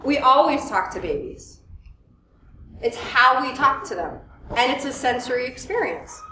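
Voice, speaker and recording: A therapist giving a workshop lecture, lively and full of questions for the audience. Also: female voice, high voice, normal speed, slight background noise. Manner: lively, asks the audience questions, acts out quotes. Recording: echoey room, mic at a distance.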